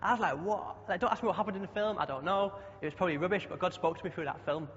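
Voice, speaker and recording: A man's voice: sits high, very fast, fairly bright tone, slight background noise. A young man preaching a chatty sermon, often asking the congregation questions. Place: church hall. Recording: dull sound with long hall echo.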